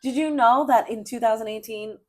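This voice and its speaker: A middle-aged woman co-hosting a casual sports podcast, chatty and emphatic, rambling with quick restarts. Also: on the high side. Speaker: podcast co-host.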